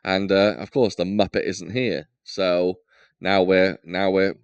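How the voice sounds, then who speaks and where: A man's voice: deep voice, flat delivery, measured pace, smooth, no echo, highs cut off. A man hosting a podcast in casual chat, joking and rambling with lots of fillers. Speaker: podcast host.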